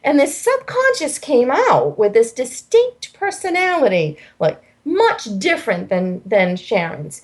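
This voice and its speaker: A woman guest in an interview telling animated stories about her healing practice, acting out voices as she goes. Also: a little high, unhurried, few pauses. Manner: animated storyteller, acts out quoted voices. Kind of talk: conversational interview storytelling.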